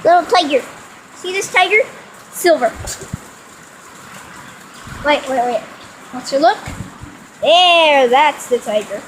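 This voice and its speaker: A very high-voiced child rambles slowly through a handheld phone vlog outdoors. The tone is sarcastic, with faint rain hissing behind the voice. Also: lively intonation, a bit bright, low-quality recording. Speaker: vlogger. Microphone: phone camera held in hand.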